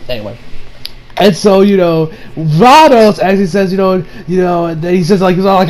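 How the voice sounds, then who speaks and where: With a high, darkish voice at a moderate pace, this man from the United States rambles through a profane, casual anime episode review full of fillers and restarted sentences. The audio is poor, with a little hiss or hum.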